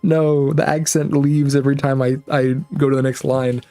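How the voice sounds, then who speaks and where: A man's voice: mid-range voice, level tone, normal speed, mellow, soft background music. A man streaming a video game, chatting casually and laughing at himself while reading the game text aloud. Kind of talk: casual let's-play commentary.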